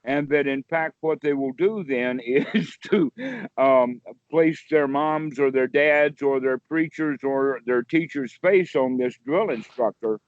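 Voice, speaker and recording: A meditation teacher, male, rambles through an explanation in a folksy manner during a relaxed one-on-one video call. His voice is medium-pitched and slow, with no echo, and the call audio is dry, dull and lo-fi.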